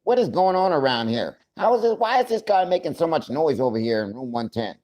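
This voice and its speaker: A man's voice: fairly high pitch, very animated, a little fast, a little mellow, pitched above the performer's own voice. A man putting on a flustered hospital staffer. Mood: alarmed. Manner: fussy, alarmed questioning.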